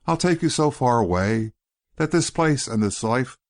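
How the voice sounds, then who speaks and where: A man reading an audiobook voices an earnest, courteous young gentleman who pleads politely and persistently. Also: mid-range voice, expressive, moderate pace, close to an everyday voice.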